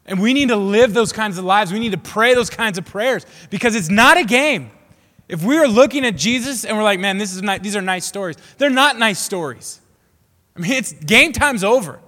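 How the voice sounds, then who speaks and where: A young man preaching a casual, passionate sermon, dropping to a hush and rising to shouted prayers. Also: high voice, expressive, moderate pace. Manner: swings from hushed to shouting prayers; acts out quoted voices, casual slang. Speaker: youth preacher. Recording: long hall reverb.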